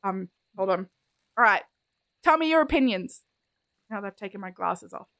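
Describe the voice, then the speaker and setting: A woman's voice: mid-range voice, lively intonation, moderate pace, gravelly, fairly bright tone. A woman from Australia with an Australian accent, streaming and chatting playfully, laughing often. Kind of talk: casual chat while gaming. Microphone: desk mic.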